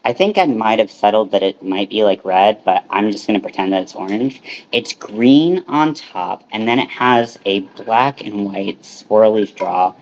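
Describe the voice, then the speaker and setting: A low-voiced man chatting on a casual home livestream, looping through "like"s and half-finished thoughts. The audio is dull and lo-fi, with faint room noise behind him. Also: lively intonation, unhurried. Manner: rambling, filler-heavy, self-interrupting. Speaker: livestream host. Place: small home kitchen.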